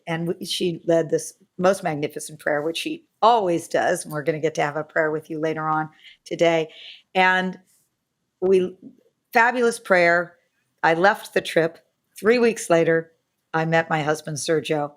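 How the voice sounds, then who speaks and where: Middle-aged woman host, deep-set voice, effusive interview manner. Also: a little slow. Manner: warm, effusive and gushing. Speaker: podcast host. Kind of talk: podcast interview.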